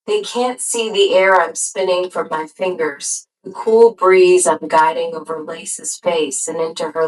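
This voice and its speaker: A woman with a lowish voice narrates a novel in the first person. She reads slowly and deliberately and lets each phrase settle before the next. The delivery is a steady audiobook read. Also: low-quality recording. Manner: measured, unhurried storytelling.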